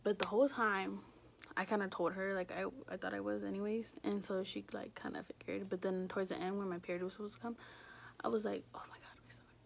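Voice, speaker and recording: Gravelly young woman rambling casually. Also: medium pitch, flat delivery, a little fast, slight background noise. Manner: rambling, says "like" constantly, swears casually. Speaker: vlogger. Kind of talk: casual storytelling.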